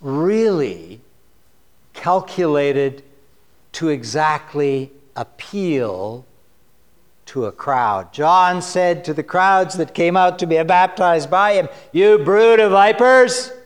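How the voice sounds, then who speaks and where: A man giving a sermon in a high, light voice. He talks slowly and unhurriedly, joking wryly with the congregation. He reads scripture aloud with mounting force. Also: expressive. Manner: conversational and wry, reads scripture with rising force. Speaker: pastor.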